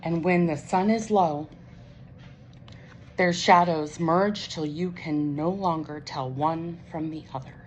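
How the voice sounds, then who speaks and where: A woman reading a children's picture book in a slow, gentle storytime manner. Her voice sits on the lower side, with faint background noise. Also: dull audio. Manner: gentle and unhurried. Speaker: storybook reader. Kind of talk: picture-book read-aloud.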